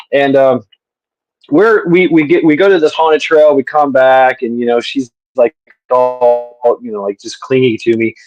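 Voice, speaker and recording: A man's voice: mid-range voice, a little mellow, dry recording, low-quality recording. Laughing man rambling through a story. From southern US. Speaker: panel host. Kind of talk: casual storytelling chat.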